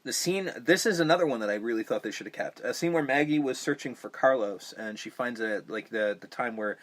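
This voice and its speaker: A man's voice: medium pitch, a little fast. Profane rambling man reviewing a movie. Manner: profane, rambling, animated when mocking scenes. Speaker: podcast host. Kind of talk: casual movie review chat.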